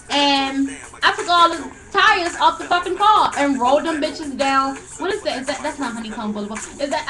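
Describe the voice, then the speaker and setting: High-pitched young woman, casual storytelling, profane, laughs a lot. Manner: animated, profane, laughs often. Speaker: co-host telling a story.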